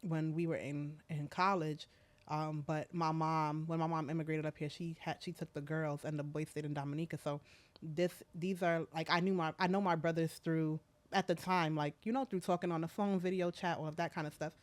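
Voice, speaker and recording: A woman in her thirties, a school principal, talking in a soft, halting way with many fillers during an emotional interview conversation. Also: sits low, little pitch movement.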